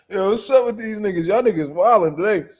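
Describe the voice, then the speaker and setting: A young man hosting a boxing show, chatting in loud, profane, joking banter and often laughing. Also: sits high. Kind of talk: casual chat reacting to live chat.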